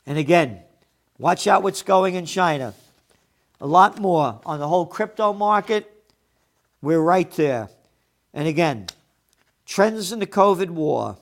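A man's voice: high voice, animated, unhurried, long pauses. A man hosting a trends commentary show, delivering a combative, sarcastic monologue and swearing when angry.

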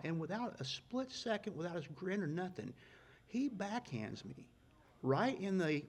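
Husky middle-aged guy spinning folksy yarns, gets loud and worked up at the punchlines. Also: high-pitched, big pitch swings, normal speed. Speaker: guest storyteller. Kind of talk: casual storytelling.

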